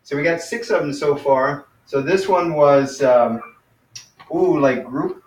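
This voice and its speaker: A man teaching an online class in an informal way, thinking aloud and sounding out vowels slowly. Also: on the high side, a little hiss or hum. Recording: distant, dull, roomy screencast audio.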